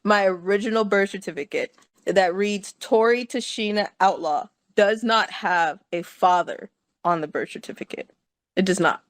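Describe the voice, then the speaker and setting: A woman's voice: medium pitch, moderate pace, no room sound. A woman telling a personal story to her listeners, chatty and laughing often and checking in with them. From California.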